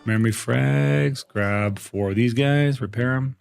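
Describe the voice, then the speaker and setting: Male gaming streamer, mid-pitch, loose rambling chat with viewers, lots of restarts. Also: a little slow, vocal fry, a little mellow, faint music behind. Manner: rambling, answers chat, many fillers and restarts. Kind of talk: casual live-stream chat.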